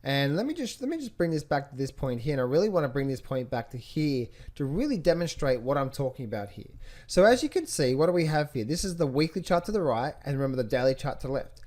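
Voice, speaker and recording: Man, trading coach, slightly high voice, rhetorical questions, repeats phrases, chart walkthrough. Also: very animated, quick pace, a little mellow. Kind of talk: screen-share chart walkthrough.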